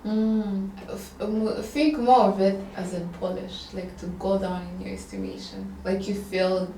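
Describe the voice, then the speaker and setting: A woman teaching one-on-one, patiently repeating words and questions slowly for her student. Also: mid-range voice, level tone, dark tone. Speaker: English tutor. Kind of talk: one-on-one language lesson. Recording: roomy echo, distant from the mic, faint background hiss.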